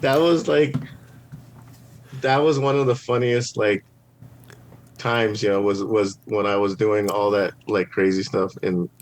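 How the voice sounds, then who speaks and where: A man chatting as a podcast guest, recounting stories in a loose, animated way. He leans on "like" and restarts his sentences often as his thoughts run ahead. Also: fairly low pitch, unhurried, long pauses. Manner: rambling, animated, heavy use of "like". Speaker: podcast guest, scare actor. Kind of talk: casual storytelling.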